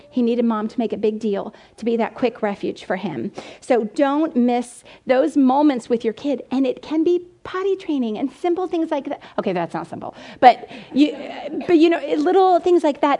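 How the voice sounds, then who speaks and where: A middle-aged woman giving a lively storytelling talk to mothers, acting out quotes as she goes. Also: a little high. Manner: animated storyteller, acts out quotes, gasps and laughs. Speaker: speaker at a mothers' event.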